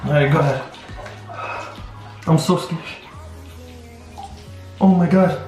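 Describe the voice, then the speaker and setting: A woman's voice: sits low, slow, mellow. A woman vlogger chatting and squealing in a bathroom, laughing a lot and repeatedly saying she is scared. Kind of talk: excited casual vlog chat. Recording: echoey bathroom with faint music.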